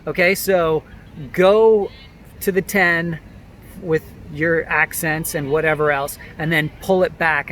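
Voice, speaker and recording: A man giving acting tips straight to camera in a loose, animated, chatty way. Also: on the high side, a little hiss or hum. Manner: animated, loose, many fillers. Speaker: acting coach. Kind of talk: casual talking-to-camera tips.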